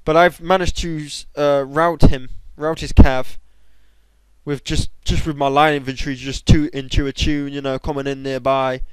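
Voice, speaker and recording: A young man giving excitable commentary over his own game, bursting into high shouts at times. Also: moderate pace, clear, resonant tone, dry recording, poor audio. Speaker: gamer. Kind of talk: gameplay commentary.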